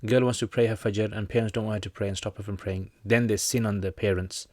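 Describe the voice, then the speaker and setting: A man's voice: fairly low pitch, level tone, fast, a little mellow, no echo, studio quality. A man with a British accent who teaches Islam, casually answering viewer questions on a livestream in a chatty, joking way with many fillers.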